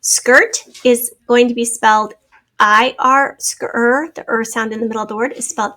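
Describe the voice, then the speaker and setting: A woman's voice: on the high side, fairly even intonation, moderate pace, bright, forceful tone. A woman teacher giving a spelling test, then going through the answer key, patiently spelling words out letter by letter.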